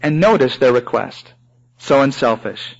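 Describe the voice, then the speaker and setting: A man preaching a sermon, animated, acting out sample prayers in raised voices. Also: mid-range voice, measured pace. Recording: dull lo-fi recording.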